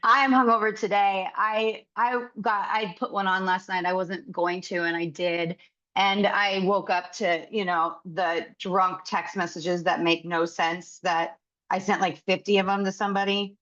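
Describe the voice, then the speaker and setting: A woman's voice: medium pitch, steady tone, a little slow, fairly bright tone. A woman in her thirties, a podcast guest in casual chat, candid and giggly. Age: 30s. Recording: slightly dull mic sound.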